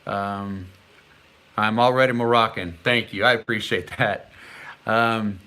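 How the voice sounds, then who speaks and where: Bright-voiced middle-aged man chatting on a live stream. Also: fairly low pitch, fairly even intonation. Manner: chatty, reads viewer comments aloud; sounds out foreign words haltingly. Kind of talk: casual live-stream chat.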